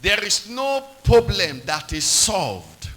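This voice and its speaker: Emphatic preacher man, lively pitch. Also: takes it slowly, rough recording. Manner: call-and-response questions, emphatic repetition. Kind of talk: sermon.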